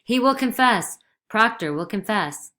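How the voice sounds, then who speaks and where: A woman's voice: a little high, lively intonation, measured pace, bright, forceful tone, pitched above the performer's own voice. A woman voicing a zealous male magistrate in a dramatized play reading, exultant and raised.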